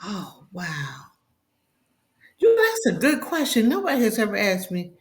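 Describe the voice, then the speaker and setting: A middle-aged woman with a faint Brooklyn accent, a guest chatting warmly in a live podcast interview and often restarting her sentences. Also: medium pitch, wildly swooping pitch, unhurried, a little hiss or hum. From Brooklyn, New York. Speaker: guest author and therapist.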